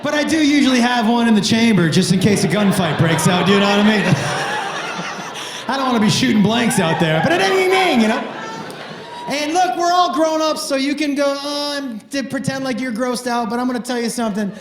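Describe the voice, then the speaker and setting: Animated high-voiced man telling crude stories. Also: brisk, a crowd in the background. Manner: animated, playful, crude storytelling with loud outbursts. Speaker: stand-up comedian. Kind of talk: stand-up storytelling. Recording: roomy echo with faint noise.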